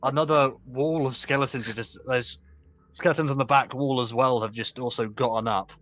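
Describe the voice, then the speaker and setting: A man's voice: medium pitch, steady tone, a little fast, a bit bright, highs cut off. Guy dm narrating skeleton fights, laid back, lots of "just" and "like", mid voice. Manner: casual, loose narration with many fillers. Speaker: game master. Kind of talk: narrating a tabletop game.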